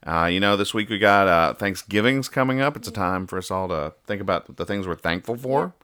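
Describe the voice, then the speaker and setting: A man's voice: deep voice, lively intonation, a little fast, bright, forceful tone. A man hosting a casual podcast where he reads the comics, rambling and joking with many restarts. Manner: rambling, jokey, stumbles and restarts. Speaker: podcast host. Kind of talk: casual comic-reading chat.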